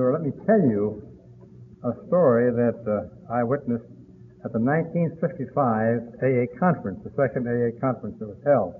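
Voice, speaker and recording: An older man speaking to a meeting audience, telling a story in a folksy, unhurried way and often clearing his throat. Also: medium pitch. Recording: tinny lo-fi recording with faint hiss.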